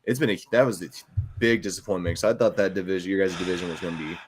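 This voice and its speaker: A young man chatting casually about football with a friend, relaxed and agreeable, often chuckling. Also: low voice, very fast, slightly rough. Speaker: guest friend.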